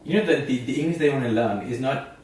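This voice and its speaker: An Indian man co-hosts a relaxed podcast chat, animated and quick to laugh, often starting a sentence several times. His voice sits in a middle register. It's picked up from a distance in a strongly echoing room with faint background noise. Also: medium pitch. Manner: animated, frequent restarts and laughter. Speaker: podcast co-host. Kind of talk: casual chat. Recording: echoey room, distant mic.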